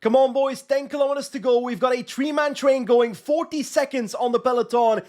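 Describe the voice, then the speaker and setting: A young man narrates his cycling management game live. His voice sits very high for a man. He gets excitable quickly and pleads and shouts at his riders when the finish is close. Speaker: gaming YouTuber.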